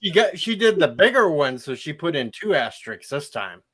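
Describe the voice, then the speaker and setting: A man's voice: on the high side, sing-song, moderate pace, a bit bright, breathy edge. Quippy man teasing on a stream. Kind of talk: casual chat.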